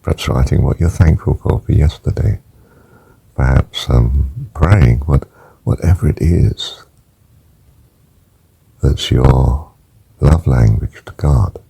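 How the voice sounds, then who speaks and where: An older man teaching a guided breathing meditation, counting breaths gently and softly, sometimes near a whisper. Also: rumbling low, low-quality recording. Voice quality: gravelly, husky voice. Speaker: spiritual teacher.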